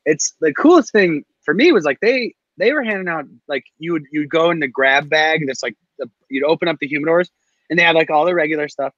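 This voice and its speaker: Chatty man with a slightly high, dull voice. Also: a little fast, no echo. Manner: animated storyteller, filler-heavy. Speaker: guest, co-host of a cigar show. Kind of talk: casual chat.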